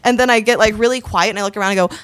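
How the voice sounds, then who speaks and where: Young woman podcast co-host, animated storyteller, middle pitch, dry close sound. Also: very fast, smooth, no room sound. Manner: animated, laughs often, swears freely. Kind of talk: casual storytelling.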